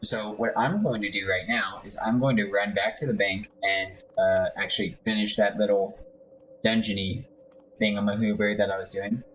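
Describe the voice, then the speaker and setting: A man's voice: lowish voice, steady tone, normal speed, a bit bright, a little hiss or hum, low-quality recording. Casual rambling gamer guy. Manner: rambling, offhand, many fillers. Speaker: let's play host. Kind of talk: casual gameplay commentary.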